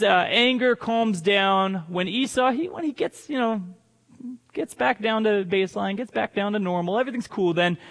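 A pastor with a high voice preaches to his congregation, retelling a story with lively energy and playful asides. His voice rings out through a large hall with a long reverb. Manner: animated storytelling with joking asides. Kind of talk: sermon.

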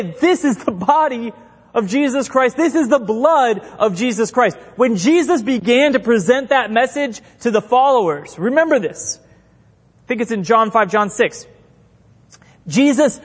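A middle-aged male pastor delivers an impassioned, animated sermon, acting out the voices of people in his stories. His voice sits unusually high for a man. The sound rings with the long reverb of a large hall. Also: husky. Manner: impassioned, animated preaching with acted-out quotes.

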